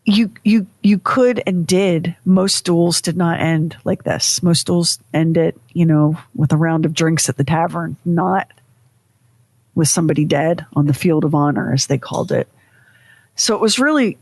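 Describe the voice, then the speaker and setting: A woman's voice: fairly low pitch, darkish tone, dry recording. A woman co-hosting a podcast, telling history in casual chat with vivid, dramatic phrasing. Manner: dramatic, vivid storytelling with emphatic pauses. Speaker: podcast co-host.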